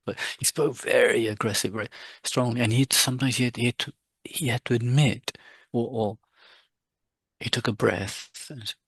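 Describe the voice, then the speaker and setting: Middle-aged guy teaching buddhism, husky, dry close sound, chatty and restarts a lot. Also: medium pitch, steady tone, moderate pace, dry recording. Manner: conversational, many restarts, quotes his teacher with raised voice. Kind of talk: dharma talk to students.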